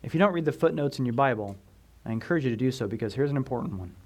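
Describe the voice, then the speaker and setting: A man preaching a sermon as pastor, emphatic, asking the congregation questions and swinging from loud stressed words down to a near whisper. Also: medium pitch, expressive, rapid-fire.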